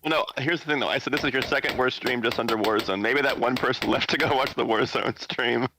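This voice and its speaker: A man's voice: mid-range voice, brisk. A man co-hosting a gaming stream, teasing and joking casually. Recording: noisy stream audio.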